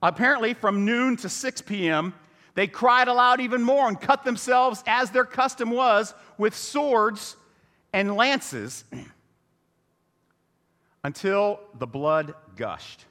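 A man's voice: high voice, slow, in a large hall. A man preaching a humorous sermon as pastor, telling the story with jokes and asides. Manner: animated, joking storyteller. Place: church sanctuary.

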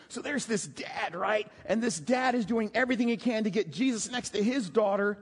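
A man preaching a sermon, telling a scripture story in an animated way, dropping to hushed emotional tones at key moments. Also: high-pitched, fairly quick, hardly any pauses. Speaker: pastor. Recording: long hall reverb.

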